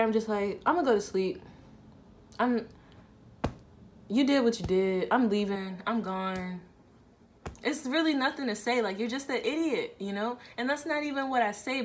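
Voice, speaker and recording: A woman's voice: medium pitch, slight background noise. A woman, casually telling a personal story to camera on her channel and acting out both sides of an argument. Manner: frequent "like" fillers, conversational.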